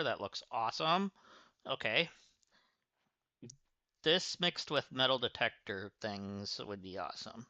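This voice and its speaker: A man's voice: medium pitch, pushed and bright, clear, resonant tone, dry recording, muffled recording. A man livestreaming a game, chatting and thinking aloud as he plays. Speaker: streamer.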